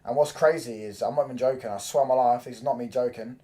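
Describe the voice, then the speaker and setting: A young man, chatting casually on a football watchalong stream, swearing freely and breaking into loud reactions to the match. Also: medium pitch, quick pace. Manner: loose, swearing banter, reacts loudly to the match. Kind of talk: casual live-stream chat.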